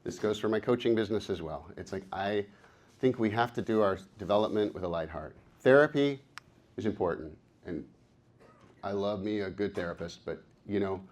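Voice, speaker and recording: A man's voice: fairly low pitch, moderate pace, darkish tone. A man in his fifties giving a live workshop talk, upbeat and encouraging, playful with the audience. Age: 50s. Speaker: workshop presenter and coach. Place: conference workshop room.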